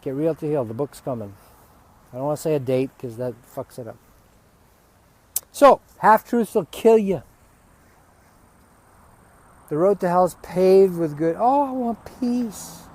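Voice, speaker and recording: A man giving an unscripted spiritual teaching talk outdoors, ranting with heavy profanity and sudden loud outbursts. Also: a little high, unhurried, pauses often. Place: outdoors near dogs.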